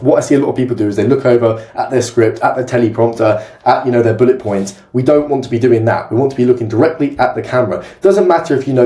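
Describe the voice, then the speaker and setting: Fast-talking young man coaching. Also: medium pitch, mellow. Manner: brisk, blunt and direct, with casual swearing. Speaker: sales coach. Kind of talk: casual talking-head tutorial. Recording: roomy echo.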